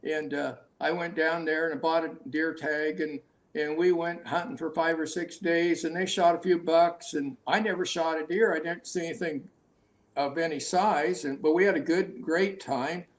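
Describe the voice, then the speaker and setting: An older man spinning a rambling hunting yarn, his voice sitting high. He restarts sentences often and laughs at his own stories. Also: steady tone, normal speed. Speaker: hunting guide, guest. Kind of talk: casual storytelling interview.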